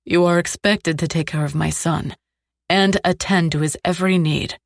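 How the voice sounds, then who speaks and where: A woman voicing a cold, commanding male crime boss who speaks calmly and with clipped threat. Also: low-pitched, normal speed, no echo, studio quality.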